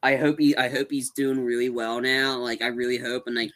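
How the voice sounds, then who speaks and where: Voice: medium pitch, little pitch movement, fairly quick, a bit bright. A young adult podcast co-host chatting casually about a movie, rambling with lots of fillers and restarts.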